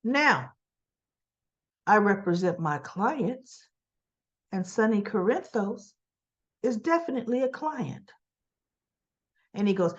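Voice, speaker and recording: A woman's voice: mid-range voice, animated, slow, long pauses, muffled recording. A woman casually retelling a soap opera episode, acting out characters' lines with "she goes" and correcting herself as she talks. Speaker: soap opera recap vlogger.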